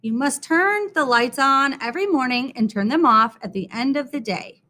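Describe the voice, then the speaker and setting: A woman's voice: high voice, lively intonation, normal speed, bright, forceful tone. A woman reading a storybook aloud, voicing a strict, earnest woman schoolteacher with an insistent, instructive way of talking.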